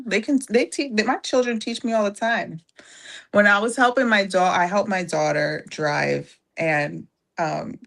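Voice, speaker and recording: Reflective woman guest, low-pitched, halting casual talk. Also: a bit bright. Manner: reflective, halting, many fillers. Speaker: podcast guest. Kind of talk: casual conversation.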